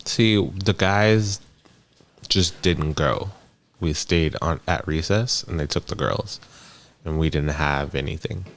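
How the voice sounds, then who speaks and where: Male co-host with a very deep voice, soft casual remarks. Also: slow. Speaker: podcast co-host. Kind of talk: casual chat.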